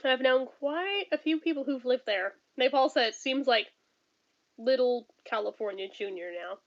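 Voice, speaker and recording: On a home stream with dull lo-fi audio, a woman in her thirties chats casually and reads viewer comments. Her voice is high with lively intonation at a normal speed, and she's blunt and profane, laughing often and ranting.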